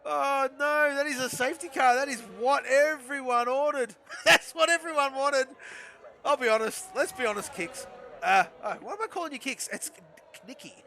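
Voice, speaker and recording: A young man giving chatty, excitable live commentary on an online racing league, laughing often and talking to viewers in chat. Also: very high voice, moderate pace, slight background noise. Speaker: esports race commentator.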